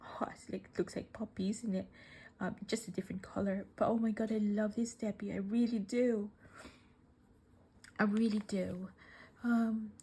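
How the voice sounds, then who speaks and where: A woman vlogger unboxing crafting gifts in casual chat, gushing and emotional, often dropping to soft whispers, tearful and welling up. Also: mid-range voice, fairly even intonation, breathy edge. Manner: slow, with many fillers and sighs.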